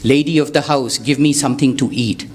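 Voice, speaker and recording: A man's voice: mid-range voice, steady tone, fairly quick, slight background noise, natural voice. A man voicing a dutiful village housewife in a spoken story, speaking in a courteous, apologetic way.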